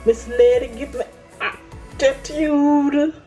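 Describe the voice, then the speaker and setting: A woman telling a personal story in a casual, animated vlog, acting out her own quoted lines. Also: high-pitched, takes it slowly, faint music behind, poor audio. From Caribbean island. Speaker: vlogger.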